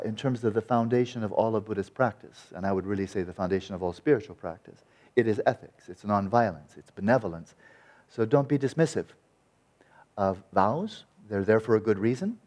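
A man teaching Buddhist meditation in a dharma talk, lively and wry, with a sarcastic edge and frequent restarts. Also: fairly low pitch, a little fast.

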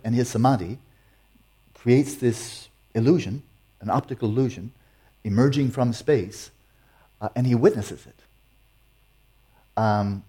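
A man's voice: medium pitch, mellow, breathy edge. A man teaching meditation and answering audience questions in a playful, teasing way. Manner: playful, teasing, chuckles often.

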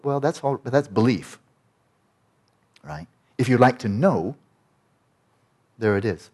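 Guy giving a talk on meditation, emphatic, keeps asking "right?", middle pitch. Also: lively intonation, normal speed, pauses often, dark tone, breathy edge. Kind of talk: lecture.

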